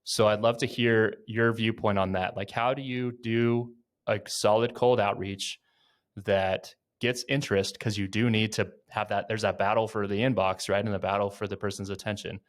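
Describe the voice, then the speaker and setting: Low-voiced man hosting a casual interview. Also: steady tone, moderate pace. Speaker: interview host. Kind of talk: conversational business interview.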